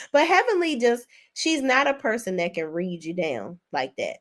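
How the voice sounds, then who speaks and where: A woman hosting a casual reality TV recap, sassy and expressive, laughing often, with big swings in pitch. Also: moderate pace. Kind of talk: casual commentary with live chat.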